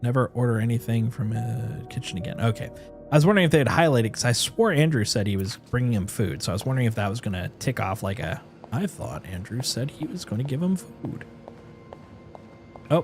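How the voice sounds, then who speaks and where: Lively man thinking aloud while gaming. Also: medium pitch, normal speed, pauses often, music in the background. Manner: animated, thinks aloud and reads game notes aloud. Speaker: streamer. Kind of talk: casual gameplay commentary.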